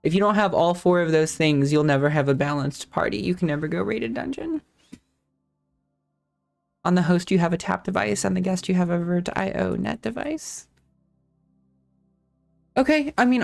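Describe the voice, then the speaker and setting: A woman's voice: on the low side, gravelly, darkish tone. A woman hosting a casual live-stream tech talk, thinking aloud with restarts, self-corrections and casual swearing.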